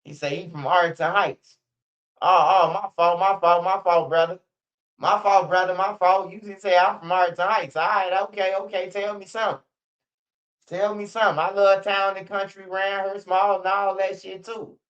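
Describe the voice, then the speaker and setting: Male streamer, high voice, profane and animated commentary, lo-fi sound. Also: normal speed. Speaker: streamer commenting on street news. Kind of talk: casual live-stream commentary. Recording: dull lo-fi stream audio.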